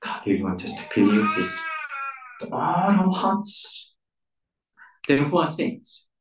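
A man with a voice on the high side preaches slowly as pastor, his pitch swooping wildly. He's emphatic, hammering key words with rising stress. The church centre is echoey, and he sounds far from the microphone.

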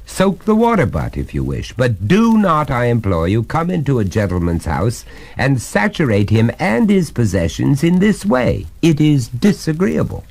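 A man playing an indignant, formal gentleman householder who speaks pompously and with exasperation on a story record. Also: mid-range voice, wildly swooping pitch, normal speed, gravelly, pitched above the performer's own voice, heavily acted. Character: indignant, proper old-fashioned English gentleman householder.

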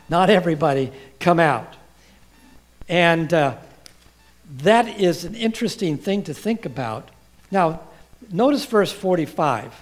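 A man preaching a sermon, quoting scripture and asking the congregation questions. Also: high-pitched. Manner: asks the congregation questions and pauses for replies; quotes scripture with rising emphasis.

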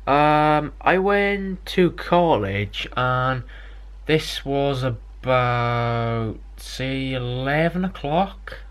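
A young man from Britain rambles through a storytime vlog. He swears constantly and sounds fed up, with restarts and asides, and his voice sits at an ordinary middle pitch. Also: animated, very slow, a bit bright, clear, resonant tone. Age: young adult. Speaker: vlogger.

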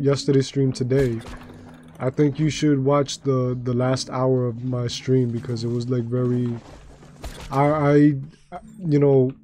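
A man with a slightly raspy voice, chatting casually with his viewers while streaming a game, rambling with lots of fillers and restarts. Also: medium pitch, warm tone. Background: faint background music.

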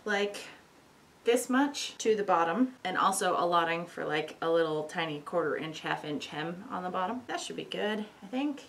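A woman's voice: medium pitch, a bit bright, a little hiss or hum. A young woman talks through a sewing project in a casual, rambling way. She keeps cracking jokes at her own expense. She is recording on a camera mic in a costume workshop. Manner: chatty, self-mocking, rambling asides. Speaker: sewing vlogger. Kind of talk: casual tutorial chat.

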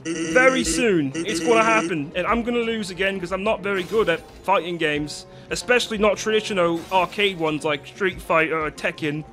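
A man's voice: sits high, normal speed, over music. A man talking casually on a stream in a rambling way. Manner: rambling, then jokey shouting.

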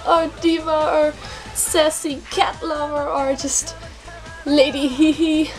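A young woman vlogging as an excited K-pop fan, gushing and repeating words for emphasis. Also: high voice, slow pace. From Netherlands. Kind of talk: excited casual vlog. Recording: faint music behind voice.

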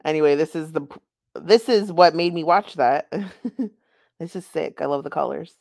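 A woman's voice: low-pitched, normal speed, vocal fry, darkish tone, no room sound, clean studio sound. A woman giving casual, sarcastic and amused reaction commentary on a stream.

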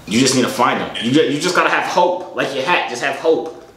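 A man's voice: medium pitch, a little fast, a loud crowd. A young man vlogging and chatting with strangers online, joking and teasing in slang. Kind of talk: casual prank chat. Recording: echoey room with faint noise.

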